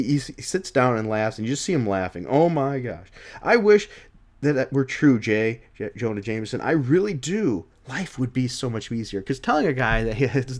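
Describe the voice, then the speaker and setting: A man reviewing a comic in an off-the-cuff way, stumbling and restarting as he goes. His voice swings widely in pitch, lively and animated. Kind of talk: casual video review.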